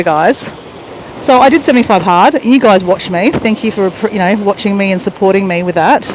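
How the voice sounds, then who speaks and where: A woman with an Australian accent chatting casually to a live-stream audience as she walks along a beach. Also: mid-range voice. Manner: chatty, talking while walking on a beach. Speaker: vlogger. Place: beach at high tide, outdoors. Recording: noisy outdoor phone audio. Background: wind and surf.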